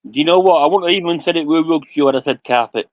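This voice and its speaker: A man talking quickly and bluntly in casual fan chat, mostly backing others up. His voice comes through a dull, dry, lo-fi mic. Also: a little high, steady tone, no room sound. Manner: blunt, agreeing interjections. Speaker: fan panelist.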